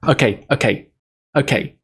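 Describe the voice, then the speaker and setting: A man's voice: mid-range voice, normal speed, music in the background. A man on a casual livestream who rambles, interrupts himself and laughs easily, then reads a book aloud.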